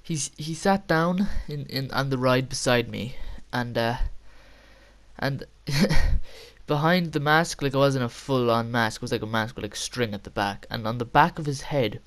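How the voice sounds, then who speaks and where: A man's voice: medium pitch, a little slow, a bit bright. A young man telling a casual, rambling story with frequent laughter and casual swearing. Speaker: vlogger.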